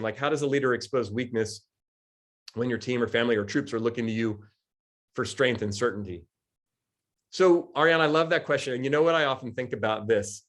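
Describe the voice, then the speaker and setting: A man in his forties giving a lively coaching talk to a group, answering questions and acting out little quoted exchanges. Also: mid-range voice. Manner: lively, acts out quoted voices, laughs often. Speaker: coach and speaker.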